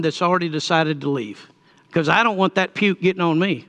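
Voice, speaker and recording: A man's voice: on the high side, brisk, bright, forceful tone. A middle-aged man preaching a sermon, telling a story in a folksy way and building to emphatic points. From Texas. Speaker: pastor.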